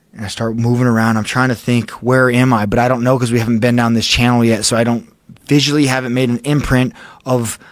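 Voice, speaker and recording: A man's voice: medium pitch, dry recording. A man on a podcast telling a cave-diving ordeal, swearing often and stopping and restarting as he goes. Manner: intense, profane, halting retelling. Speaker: podcast guest. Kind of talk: storytelling in casual chat.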